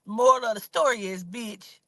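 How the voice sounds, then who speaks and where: A woman's voice: fairly high pitch, normal speed, sharp tone, no room sound. A woman telling stories in a casual, blunt and profane way, preaching a moral as a spiritual reader. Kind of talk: casual storytelling.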